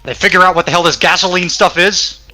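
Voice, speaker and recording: A man co-hosts a loose conversation, talking in a laid-back, blunt way with the odd swear word. His voice is bright and a touch high. Faint music plays in the background. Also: fairly even intonation, quick pace. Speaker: podcast co-host. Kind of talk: casual alternate-history chat.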